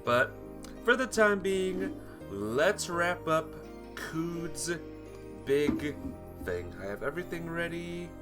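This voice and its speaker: Lively streamer reading a visual novel. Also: medium pitch, takes it slowly. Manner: expressive reading, chatting to viewers between lines. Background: guitar music.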